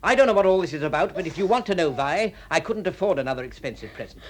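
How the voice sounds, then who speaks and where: An actor playing a gruff, irritable, penny-pinching husband in a vintage radio drama. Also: male voice, fairly high pitch, expressive, fast, a little hiss or hum, lightly acted. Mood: exasperated. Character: grumpy penny-pinching middle-aged husband. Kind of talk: 1960s radio drama acting.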